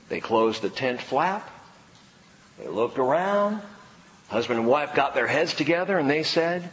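A man's voice: medium pitch, animated, moderate pace, a bit bright, a little hiss or hum. A male pastor preaching a sermon in an emphatic style, fond of rhetorical questions. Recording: echoey hall, faint ambience.

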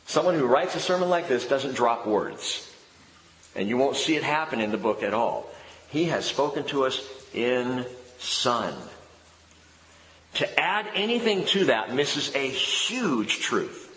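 A male pastor preaching a sermon, animated and expressive, often dropping his voice low and soft for emphasis. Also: a little slow, slight background noise. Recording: echoey hall with long reverb.

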